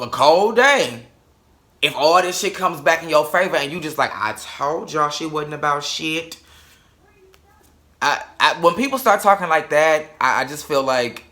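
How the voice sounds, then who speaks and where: A man's voice: fairly high pitch, sharp tone. A young man giving a casual, sassy and blunt reality TV episode review, swearing freely.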